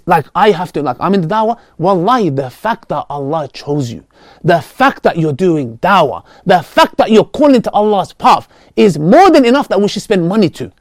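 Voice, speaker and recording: A man, a Muslim preacher talking earnestly and passionately to his viewers, swinging between loud outbursts and quiet pleading. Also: sits high, no echo, clean studio sound. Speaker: Muslim preacher and video creator. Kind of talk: heartfelt direct-to-camera talk.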